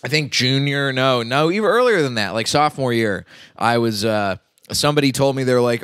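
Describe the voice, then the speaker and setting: A man's voice: medium pitch, expressive, normal speed, fairly bright tone, clean tone, dry recording. A man hosting a film podcast, chatting casually with dry jokes. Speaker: podcast host.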